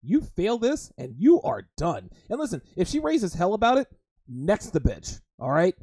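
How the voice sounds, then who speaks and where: A man's voice: high voice, huge pitch swings, moderate pace, warm tone, slightly rough, no room sound. A man hosting a livestream podcast, talking crudely and emphatically and repeatedly calling his listeners guys. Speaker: host.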